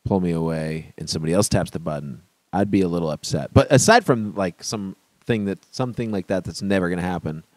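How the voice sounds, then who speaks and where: A man's voice: low voice, quick pace, hardly any pauses, no room sound. A man guesting on a podcast, chatting casually, joking and laughing often. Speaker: musician guest.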